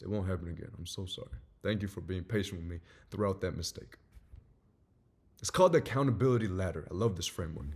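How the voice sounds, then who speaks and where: Animated man with a husky voice. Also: lowish voice. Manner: animated, acts out little scenes. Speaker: self-help speaker. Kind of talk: motivational talk to camera.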